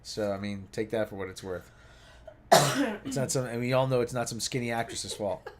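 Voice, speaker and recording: A man's voice: medium pitch, moderate pace, slight background noise. A man hosting a casual livestream chat, rambling with many restarts and asides. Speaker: livestream host.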